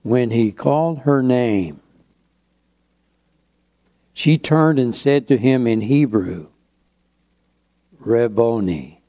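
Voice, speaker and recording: Pastor, male; slow, unhurried sermon delivery with a warm, mellow tone and chatty asides. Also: mid-range voice, expressive. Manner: slow, conversational preaching with asides.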